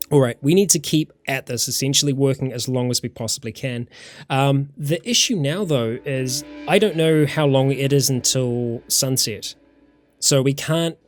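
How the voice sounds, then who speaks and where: New Zealand man chatting through a game. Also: mid-range voice. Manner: chatty, thinks aloud, greets chat viewers. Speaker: let's-play host. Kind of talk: casual game commentary. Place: warm room at home.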